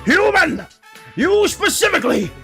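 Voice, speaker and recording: A woman's voice: very high voice, sing-song, measured pace, gravelly, a bit bright, soft background music, voice pushed up, heavily acted. A woman voicing a formal, gushing slime creature with a theatrical, pompous manner. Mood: grandly grateful.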